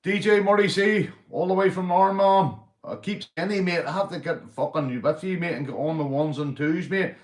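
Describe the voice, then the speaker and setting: Speaking in a high voice at normal speed with hardly any pauses, a man with a Northern Irish Belfast accent hosts a casual livestream. He rambles, swears heavily, and keeps saying "mate" and "big up" as he welcomes people in the chat, all in a reverberant recording.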